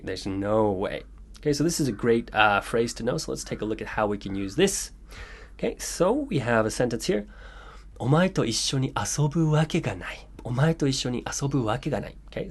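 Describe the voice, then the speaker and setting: A man talks through Japanese grammar points in a steady, patient teaching voice. His pitch sits in the ordinary middle range. He reads example sentences aloud and often stops to check in with "okay.". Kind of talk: explaining grammar in a video lesson. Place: home room with birds heard outside.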